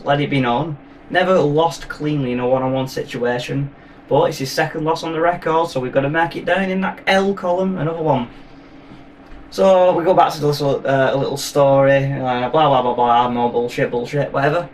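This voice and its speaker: A man's voice: fairly high pitch, fairly quick. A man recapping a film in a rambling, profane, jokey way. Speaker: film reviewer. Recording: voice from a distance, faint noise.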